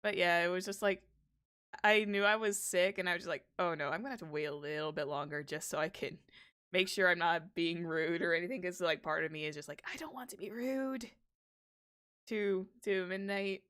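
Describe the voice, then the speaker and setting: A woman guest chatting casually on a stream, animated and laughing often. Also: fairly low pitch, fairly quick, smooth. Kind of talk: casual chat.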